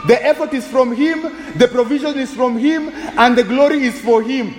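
A man preaching a sermon with animated, humorous delivery, mixing English and Swahili. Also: very high-pitched, moderate pace, echoey room, in a large hall, low-quality recording. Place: church sanctuary.

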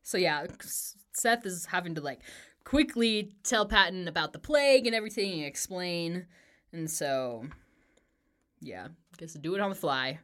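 A woman's voice: on the low side, animated, a little slow. A woman co-hosting a podcast, chatting casually about a book and laughing often. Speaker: podcast co-host. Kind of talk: casual book discussion chat.

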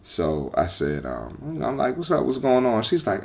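Blunt, animated male podcast host. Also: medium pitch, moderate pace, creaky. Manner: blunt, profane, animated storytelling. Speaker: podcast host and personal trainer. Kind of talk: casual podcast monologue.

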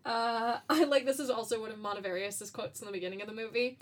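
A chatty woman co-host with a slightly high voice, laughing often and dropping curse words freely. She talks in a loose, casual way. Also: fairly even intonation, fast talker. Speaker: podcast co-host. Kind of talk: casual chat.

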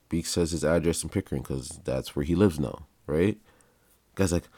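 A man's voice: a bass voice, moderate pace, pauses often, mellow, dry recording. A young man, hosting a podcast and telling stories in a laid-back, slangy way, laughing as he goes. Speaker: podcast host. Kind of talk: casual storytelling.

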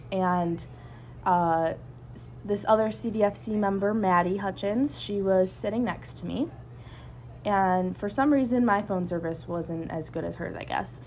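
A young woman, a college student and student club member, telling a story in a casual podcast chat, animated and full of fillers. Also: medium pitch, a little hiss or hum. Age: young adult.

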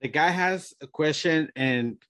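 A podcast host who talks quickly and jokingly and introduces a listener's question. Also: mid-range voice, a bit bright, slight background noise. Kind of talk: casual chat.

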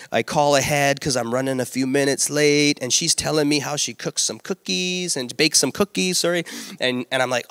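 A middle-aged man preaching a sermon as a pastor, telling a story in a lively way with playful asides. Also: medium pitch, smooth, no room sound, clean studio sound.

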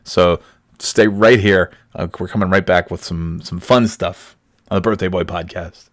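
A man's voice: sits low, fairly even intonation, normal speed, dry recording, clean studio sound. A man hosting a casual solo podcast, talking in a sarcastic, profane way and often breaking into laughter. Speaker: podcast host.

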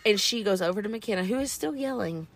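A woman, co-hosting a podcast and telling stories in a casual, animated way. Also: mid-range voice, fast talker, dry recording. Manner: animated, acts out quotes in exaggerated voices. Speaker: podcast co-host. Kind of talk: casual storytelling chat.

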